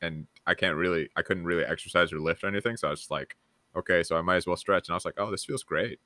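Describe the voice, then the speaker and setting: A man's voice: low-pitched, racing, sharp tone, no room sound, studio quality. A man hosting a podcast, agreeable and encouraging as he asks open questions. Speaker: podcast host. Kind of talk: casual interviewing.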